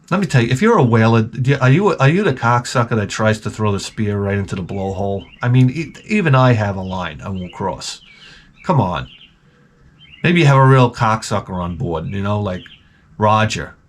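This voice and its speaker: A man's voice: on the low side, lively intonation, normal speed, pauses often. A man hosting his channel, talking in a rambling comedic monologue and swearing constantly. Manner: rambling, jumps between jokes. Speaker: host of a retro gaming channel.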